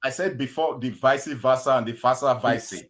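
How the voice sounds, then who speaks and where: Nigerian-accented man on a panel call, mid-pitched, keeps cutting in with hold on. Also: moderate pace, over a noisy crowd. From Africa. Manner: keeps saying hold on, pushing to finish his point. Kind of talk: heated live panel argument.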